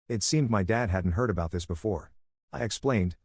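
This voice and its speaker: A man narrating a first-person story in an even, plain reading voice on a close mic. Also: on the low side, normal speed, no room sound.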